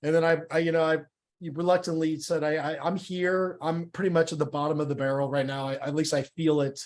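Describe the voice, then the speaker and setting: A man's voice: a little high, little pitch movement, a little fast. A middle-aged man sharing his personal testimony in a conversational church interview, candid and emotional, often stumbling and repeating words.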